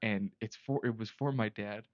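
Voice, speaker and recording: Young man, low voice, rambling storyteller, casual podcast chat, dry, slightly muffled. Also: normal speed, no room sound. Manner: rambling storyteller with many restarts. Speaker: podcast co-host.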